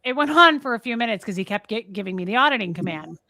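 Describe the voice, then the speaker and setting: A woman's voice: a little high, fast, no room sound. Chatty woman telling a story on a podcast. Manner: animated storyteller, acts out quoted voices, many fillers. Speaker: podcast co-host. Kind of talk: casual chat, storytelling.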